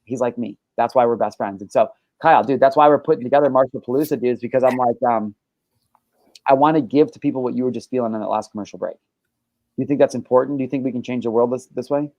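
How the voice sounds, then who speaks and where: A man's voice: mid-range voice, fast, a little mellow, no room sound. Brash, profane man hosting a podcast. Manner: brash, profane, boastful storytelling. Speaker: podcast host. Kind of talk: casual podcast chat.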